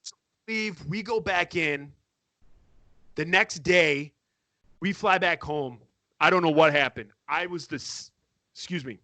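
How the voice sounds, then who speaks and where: A man with a bright, higher voice spins a lively story in easygoing chat, jumping into quoted voices and laughing along the way. The sound is dry and close, with no room around it. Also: measured pace, long pauses, dry recording. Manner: animated, acts out quotes with laughter. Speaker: podcast guest storyteller. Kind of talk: casual storytelling.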